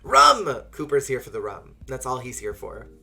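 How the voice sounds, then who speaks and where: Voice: mid-range voice, brisk, soft background music. A streamer giving playful, giggly commentary on a live game playthrough and chatting with viewers. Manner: playful, giggly, talks to chat.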